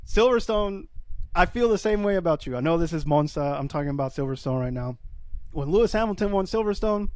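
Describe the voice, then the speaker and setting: Man, podcast host, eager and upbeat, slightly high voice, dry close sound. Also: animated, brisk, a little mellow, no room sound. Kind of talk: casual podcast chat.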